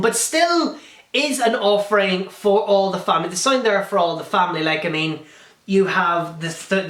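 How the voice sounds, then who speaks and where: A man's voice: high-pitched, a bit bright. A man giving a casual, enthusiastic spoken film review, gushing with frequent ums and restarts. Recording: roomy echo.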